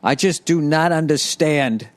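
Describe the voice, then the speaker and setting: A man's voice: a little high, a little slow. A man hosting a solo podcast, ranting with heavy profanity and sarcasm and stammering restarts when worked up. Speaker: podcast host.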